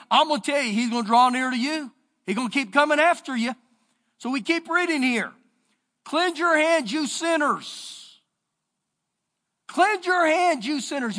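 High-voiced Texan pastor preaching. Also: male voice. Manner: preaching with swings in pitch and loudness. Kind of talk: sermon. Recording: church sermon with long reverb.

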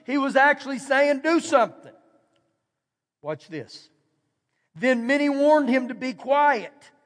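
A man's voice: extremely high pitch, fairly bright tone, in a large hall. A man preaching a sermon as pastor, in a conversational way that acts out the quoted voices. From Texas, USA. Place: church sanctuary.

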